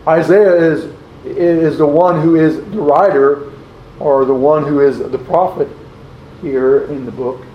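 A man delivering a sermon at a very unhurried, deliberate pace, his voice sitting a little high for a man. He asks questions of his listeners and reads scripture aloud. The recording is dull and lo-fi, with a roomy echo around him. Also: fairly even intonation, a little hiss or hum. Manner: slow, deliberate, repeats rhetorical questions; reads scripture aloud in old-fashioned wording. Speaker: preacher.

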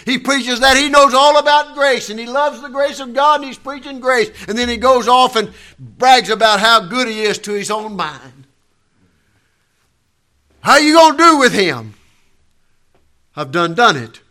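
A man preaching a sermon as pastor, fervent and building to shouts. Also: very high-pitched, lively intonation, measured pace.

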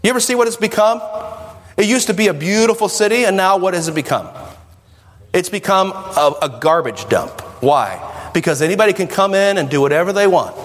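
A man's voice: high voice, lively intonation, a little fast. A man preaching a sermon to a congregation, emphatic and questioning his listeners. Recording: echoey hall with long reverb.

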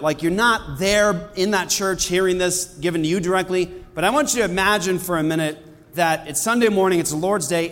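A male pastor preaching in a church with a strikingly high voice. He talks to the congregation in a casual, conversational way and then builds to forceful, emphatic bursts. The sound carries a long reverb from the hall. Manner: animated, conversational preaching with sudden emphatic outbursts. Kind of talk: sermon. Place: church sanctuary.

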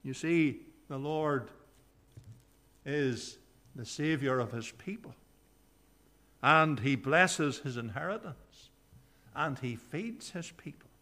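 In a church, a pastor preaches in a high, bright, forceful voice, slow, earnest, and animated. Whenever he quotes scripture, his voice sinks low and soft.

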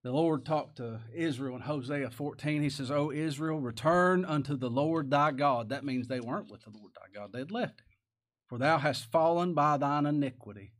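A man preaching a sermon, folksy and plain-spoken, asking the congregation rhetorical questions and reading scripture aloud. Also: mid-range voice. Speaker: pastor.

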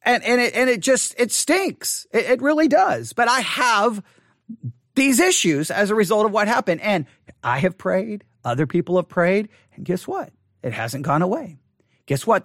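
A man in his forties with a fairly high voice, speaking to his online audience. His delivery is earnest and halting, with frequent restarts and repeated words. The recording is close and dry, with no room echo. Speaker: online Bible teacher. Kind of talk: personal monologue to an online audience. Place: empty church sanctuary.

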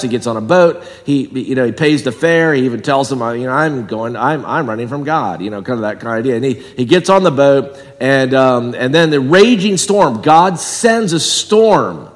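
A man preaching a sermon in a church, talking conversationally and swinging from loud and high to low and quiet. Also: long reverb tail. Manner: conversational with wide swings in pitch and volume. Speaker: pastor. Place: church sanctuary.

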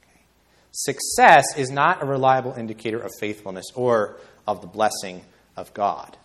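A male preacher delivering an evening sermon at a middle pitch. He drives his points home by climbing higher and louder. He draws key phrases out slowly for emphasis. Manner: emphatic, rising high and loud on key points, slowing words for weight.

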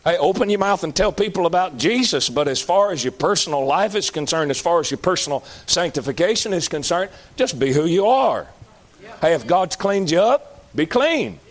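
A Southern man preaching with a folksy, emphatic delivery. His voice sits fairly high and swings widely in pitch, and he rises to a shout at times. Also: expressive, moderate pace. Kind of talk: sermon.

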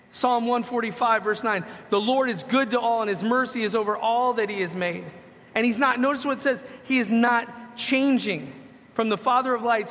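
Pastor preaching, male, high bright voice, poses questions and answers them, reads scripture, long hall reverb. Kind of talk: sermon.

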